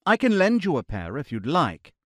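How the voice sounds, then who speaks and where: A man voicing a male adventurer with a clear, strong British accent and a dry, mocking wit. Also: on the high side, huge pitch swings, normal speed, no echo.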